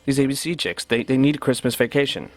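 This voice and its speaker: A man dubbing a morning-show host, copying the banter line by line in a deadpan delivery. His voice sits at a medium pitch. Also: fast, no echo. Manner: deadpan, mimicking inane chatter. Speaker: dubbing performer. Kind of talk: dubbing talk-show chatter word for word.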